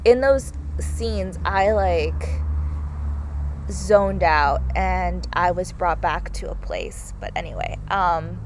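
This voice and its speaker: A woman's voice: lowish voice, slow pace. A young woman giving a casual, gushing movie review, peppered with "like" and "oh my God", over faint background noise. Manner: gushing, heavy use of "like" and "oh my God".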